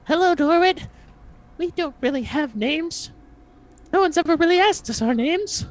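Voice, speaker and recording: A man voicing a tiny, eager white kobold in a very high-pitched, breathless voice. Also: moderate pace. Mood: pleading. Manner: breathless, excited calling out.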